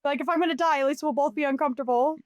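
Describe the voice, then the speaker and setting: A woman's voice: high-pitched, racing, no echo, clean studio sound. A woman who is a guest on a podcast, chatting casually and giggling often. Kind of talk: casual chat.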